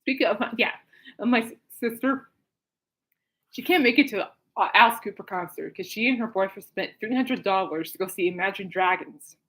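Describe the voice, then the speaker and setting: A woman's voice: medium pitch, normal speed, a bit bright. A woman hosting her own podcast in a casual chat, rambling with lots of fillers and laughing often. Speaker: podcast host.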